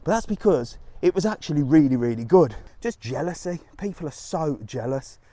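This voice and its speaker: A man's voice: fairly high pitch, animated, moderate pace, mellow, dry recording. A man hosting a live travel stream outdoors on a resort street, chatting to viewers, ranting and laughing often, with some swearing.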